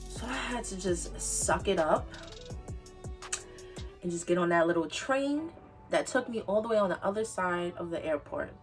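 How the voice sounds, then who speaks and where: A young woman tells a story in an emphatic, repetitive, slangy way, with a fairly high voice. She sits a bit back from the mic. Soft music plays faintly underneath. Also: recorded from a distance. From the Bronx, New York. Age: 20s. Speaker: vlogger. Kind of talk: casual storytime.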